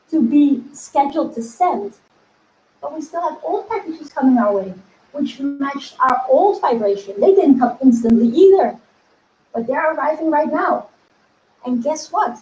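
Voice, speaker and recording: High-voiced woman coach in an echoey room. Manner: animated, laughs often, acts out inner voices. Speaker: spiritual coach. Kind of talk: casual teaching video.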